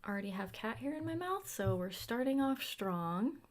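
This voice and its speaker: A young woman chatting casually while carving a pumpkin, musing aloud about books and dropping now and then into quiet asides. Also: a little high, sing-song, moderate pace. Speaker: booktuber.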